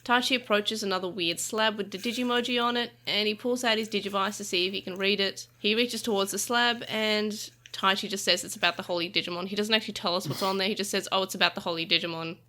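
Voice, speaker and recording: A woman's voice: mid-range voice, steady tone, fast talker, few pauses, sharp tone. A woman co-hosting a casual podcast discussion, talking through her thoughts with fillers and restarts. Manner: chatty, thinks aloud with many fillers and restarts. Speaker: podcast co-host.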